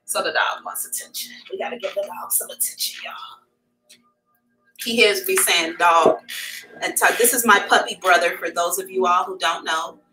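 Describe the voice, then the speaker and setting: Woman, middle-aged, psychic livestream host, casual and candid, crisp bright tone. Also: lowish voice, fairly even intonation, moderate pace, faint music behind, poor audio. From America. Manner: candid, chatty, addresses viewers as y'all.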